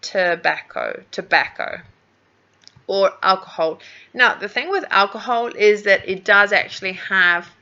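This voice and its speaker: A woman's voice: medium pitch, normal speed, bright, forceful tone, muffled recording. A woman whose first language is Spanish, an English teacher giving recorded feedback on a speaking task, patiently sounding out words for pronunciation.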